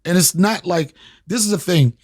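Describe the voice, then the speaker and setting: A man, a comedian and podcast host, telling a story in a casual interview with emphatic, profane, animated talk. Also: sits high, normal speed. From Washington, D.C. area. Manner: animated, profane, emphatic, repeats phrases for punch.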